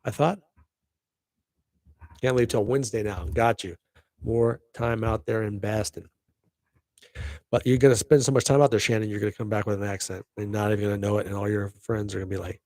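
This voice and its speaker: A man's voice: on the low side, fairly even intonation, brisk, long pauses, darkish tone, no room sound. A middle-aged man hosting a casual live podcast stream, rambling upbeat to his viewers. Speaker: podcast host.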